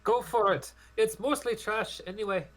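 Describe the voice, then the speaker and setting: A man's voice: fairly high pitch, huge pitch swings, measured pace, a little hiss or hum, pitched above the performer's own voice, rough recording. A man voicing a hard-drinking fish lady who runs a tavern, in a put-on accent with broken grammar, talking about herself in the third person. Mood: casual.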